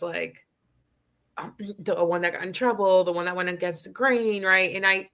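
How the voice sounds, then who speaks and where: A woman who is a social worker, a podcast guest speaking in a reflective, soft-spoken way with lots of "like" and "right?". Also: mid-range voice. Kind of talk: casual conversational interview.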